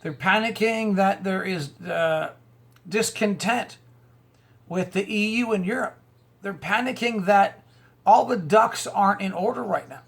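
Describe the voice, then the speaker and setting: A man's voice: high voice, a little slow, creaky, slightly rough. A man hosting his own video, delivering a rambling commentary monologue full of rhetorical questions, repeated words and chuckles. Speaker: online video host. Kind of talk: conspiracy and religious commentary monologue.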